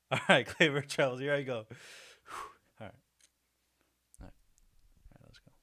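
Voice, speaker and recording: A man's voice: mid-range voice, normal speed, pushed and bright. A man hosting a casual livestream, chatty and self-deprecating, laughing often as he talks to his viewers. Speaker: livestream host.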